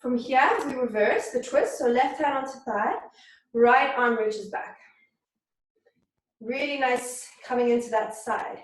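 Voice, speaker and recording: A woman teaching a beginners yoga class, calmly cueing poses and breathing, somewhat out of breath. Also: on the high side, measured pace. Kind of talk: guided yoga class instruction. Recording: very echoey room, voice from far off.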